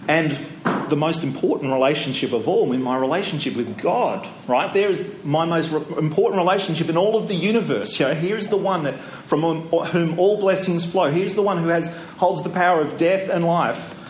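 A man's voice: on the high side, normal speed, hardly any pauses, slight background noise. A middle-aged man preaching a sermon in a church, telling a story in a conversational way and asking rhetorical questions. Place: church sanctuary. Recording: roomy church echo.

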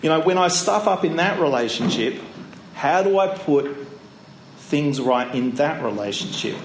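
Middle-aged preacher in a roomy church. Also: male voice, fairly high pitch, animated, measured pace, background noise. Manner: conversational, storytelling, with rhetorical questions. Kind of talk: sermon. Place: church sanctuary.

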